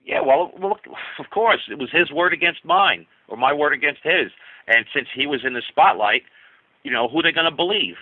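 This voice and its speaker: A man's voice: a little high, lively intonation, normal speed, breathy edge, no echo. A male musician guest telling a long rambling story over what sounds like a narrow, tinny phone line. The sound is dry and close, with many restarts and "you know"s as he goes. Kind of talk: casual storytelling.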